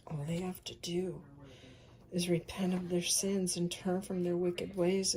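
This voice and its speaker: A woman in her fifties telling a personal faith testimony, soft-spoken and often sinking into a breathy whisper. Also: on the low side. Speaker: speaker sharing a faith testimony.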